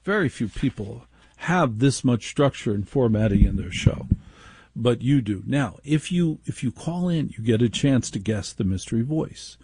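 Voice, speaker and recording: A man's voice: medium pitch, lively intonation, normal speed, a little mellow, breathy edge, dry recording, clean studio sound. A man hosting a call-in radio talk show, chatty and self-mocking.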